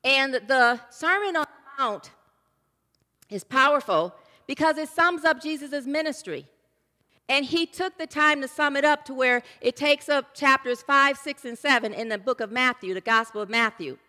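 A woman with a high voice preaches a sermon in a church at a normal speed. Her delivery is warm, chatty and loose, and she often restarts her sentences. The recording carries a long hall reverb.

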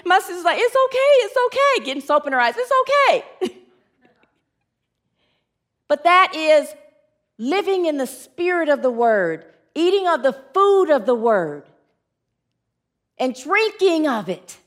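A woman pastor preaching an earnest sermon, inviting call and response from the congregation and dropping low and quiet in sorrowful moments. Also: very animated, a little slow.

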